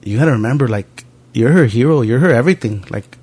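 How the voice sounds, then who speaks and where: A young male podcast host chatting casually, spinning animated stories laced with swearing. His voice rests at a middle pitch, and he talks loosely and off the cuff. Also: fast, slightly rough. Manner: animated anecdotes, frequent profanity. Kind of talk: casual storytelling chat.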